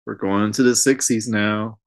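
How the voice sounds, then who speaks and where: A man's voice: fairly low pitch, fairly even intonation, unhurried. A man co-hosting a podcast in casual chat, making dry joking asides. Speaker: podcast co-host.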